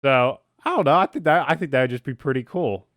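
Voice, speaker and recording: Young guy hosting a chill podcast, joking around, middle pitch, dry close mic. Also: fairly quick, fairly bright tone, dry recording. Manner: joking, teasing, playful interrupter. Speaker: podcast host. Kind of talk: casual chat.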